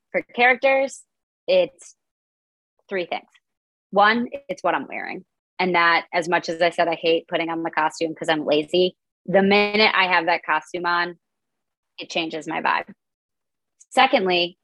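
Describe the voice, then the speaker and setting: Guest comedian, woman, casual filler-heavy chat; slight vocal fry, dry close sound. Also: fairly low pitch, unhurried, long pauses, a bit bright, no echo, rough recording. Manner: chatty, lots of "like" fillers.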